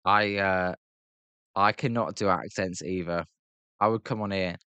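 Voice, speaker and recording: A British man calls a baseball game live for his viewers and drifts into loose chat between pitches, trailing off and restarting as he goes. His voice sits low and comes across smooth and clear. The sound is close and dry, with almost no room around it. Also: fairly even intonation, a little slow, pushed and bright, no echo. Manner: chatty, rambling, frequent fillers and restarts. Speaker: host of a live baseball reaction stream.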